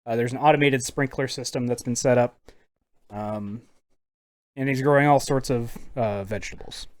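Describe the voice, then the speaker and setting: A man's voice: mid-range voice, steady tone, normal speed. Casual game master, laid-back swearing man. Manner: casual, swearing, laughing often. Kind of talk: narrating a tabletop game.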